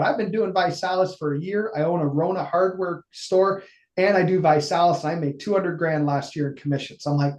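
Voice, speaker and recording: A man, telling a long personal story in a casual interview and acting out the dialogue. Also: on the high side. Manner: animated, acts out quoted dialogue. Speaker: interview guest, financial services executive. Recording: echoey room.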